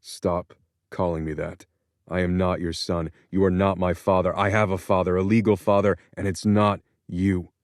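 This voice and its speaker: A man's voice: low-pitched, steady tone, moderate pace, darkish tone, dry recording, clean studio sound. A man voicing an angry young adult son, clipped and confrontational in an audiobook. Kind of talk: audiobook character voice.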